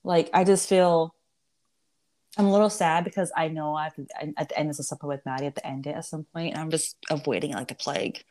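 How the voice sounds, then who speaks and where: A woman's voice: low-pitched, fairly even intonation, fast, darkish tone. A woman in her twenties hosting a podcast, chatting candidly with lots of swearing, restarts and laughter. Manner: candid, profane, laughs often, many restarts. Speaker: podcast host. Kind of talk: casual chat.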